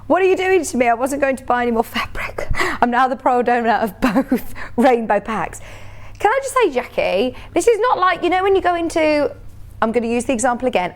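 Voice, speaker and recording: Bubbly, chatty woman selling fabric on TV. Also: a little high. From United Kingdom. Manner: chatty and bubbly, laughs often. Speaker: shopping channel presenter. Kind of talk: live TV sales pitch.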